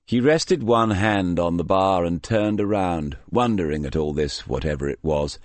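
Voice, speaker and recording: Very deep-voiced male audiobook narrator. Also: no room sound. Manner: measured, dry storytelling. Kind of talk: scripted narration.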